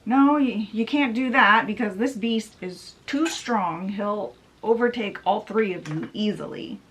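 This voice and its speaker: A woman's voice: mid-range voice, measured pace, a bit bright, close to an everyday voice. A woman voicing an old merchant father who pleads with his children to stay safe. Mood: pleading.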